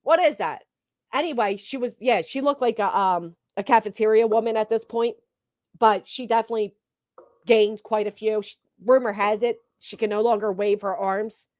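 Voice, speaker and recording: A woman's voice: mid-range voice, steady tone, normal speed, darkish tone, no echo, clean studio sound. A woman giving casual reaction commentary on a stream, mocking and sarcastic, swearing freely.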